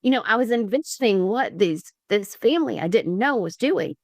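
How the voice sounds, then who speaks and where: A woman from Georgia telling her story as a podcast guest, earnest and halting with many restarts. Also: a little high, lively intonation, dry recording, clean studio sound. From Columbus, Georgia, US. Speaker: podcast guest, liver transplant recipient. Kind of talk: candid conversational storytelling.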